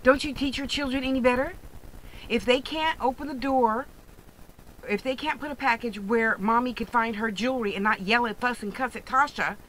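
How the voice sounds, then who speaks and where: A woman's voice: on the high side, sharp tone, slight background noise, rough recording. A woman who sells jewelry online, ranting bluntly and sarcastically in a profane vlog monologue. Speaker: online jewelry and crystal seller.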